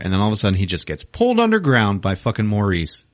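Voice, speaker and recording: A man's voice: lowish voice, wildly swooping pitch, fast talker, no echo, studio quality. A male podcast host casually recapping a movie, swearing, laughing and acting out the scenes. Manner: crude, laughing, acts out scenes.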